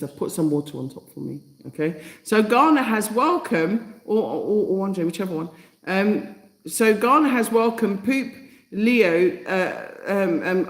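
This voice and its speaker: A woman's voice: mid-range voice, a bit bright. A woman hosting a live stream in a casual way. She reads from notes, restarts her sentences, giggles to herself now and then, and answers viewers' comments directly. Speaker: livestream host. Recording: echoey room.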